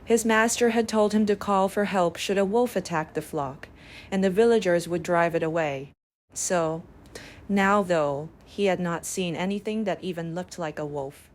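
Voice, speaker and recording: A woman narrating bedtime fables in a calm, measured way. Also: lowish voice, a little hiss or hum. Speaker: storyteller.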